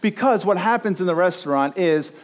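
A middle-aged man preaching a sermon, telling stories with lively, animated delivery and acting out bits of dialogue. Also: high-pitched, a little fast. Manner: animated storytelling, acts out dialogue. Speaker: pastor.

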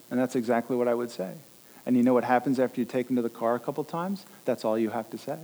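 A middle-aged man preaching a sermon, telling stories with lively, animated delivery and acting out bits of dialogue. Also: mid-range voice. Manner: animated storytelling, acts out dialogue. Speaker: pastor.

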